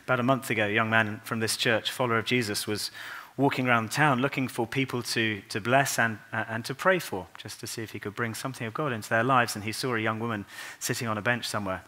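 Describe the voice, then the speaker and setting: A man preaching a Christmas sermon in a church, earnest and unhurried, dropping to a soft, quiet voice for tender passages. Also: medium pitch, fairly even intonation.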